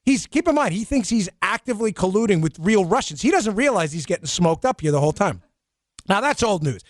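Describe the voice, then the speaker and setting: A man from New York hosting a political talk show, sarcastic and animated, with quick asides. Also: high-pitched, no room sound, studio quality. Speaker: host.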